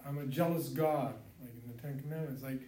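A man's voice: mid-range voice, steady tone, brisk, dark tone, echoey room. A man in a class, hesitantly asking the teacher a question and leaning on the word "like.". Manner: hesitant, uses filler "like". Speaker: student in class.

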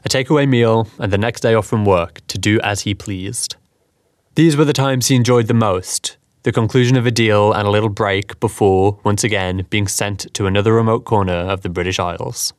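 Low-voiced man narrating a story. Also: normal speed, no echo, clean studio sound. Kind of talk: scripted narration.

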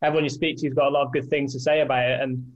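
A man co-hosting a sports podcast, rambling through his opinions and joking about his own monotone. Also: medium pitch, very fast, highs cut off. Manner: flat-toned, rambling, self-deprecating. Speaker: podcast co-host, editor. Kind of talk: casual sports podcast chat.

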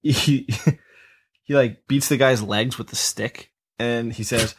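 A man's voice: mid-range voice, fairly even intonation, slow, slightly rough. A man co-hosting a casual movie podcast, retelling scenes with amusement. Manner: amused, laughs while retelling. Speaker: podcast co-host. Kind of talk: casual movie review chat.

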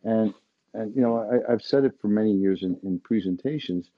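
A man's voice: lowish voice, moderate pace, lo-fi sound. A middle-aged man, a dealership owner, telling an anecdote to his staff with many restarts and fillers.

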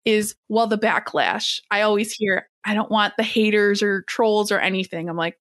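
A woman's voice: medium pitch, normal speed, fairly bright tone, dry recording, studio quality. A young adult woman hosting a casual interview, talking in a chatty, filler-heavy way and quoting people with lots of animation. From Metro Detroit area.

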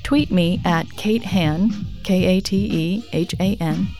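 A woman hosting a self-help podcast, talking in a gentle, reassuring, conversational way. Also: lowish voice, slow, soft background music. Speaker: podcast host.

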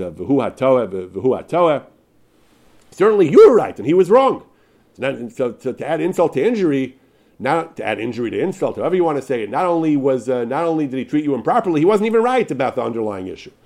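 A man's voice: mid-range voice, a little mellow. A man teaching a Torah class, reading passages aloud and explaining them with emphasis and frequent restarts. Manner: emphatic, with many restarts and repeated words.

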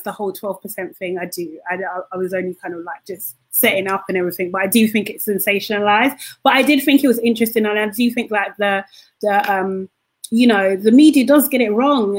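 A woman's voice: mid-range voice, brisk, breathy edge. Earnest woman in casual podcast chat. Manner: earnest, often asks "do you know what I mean".

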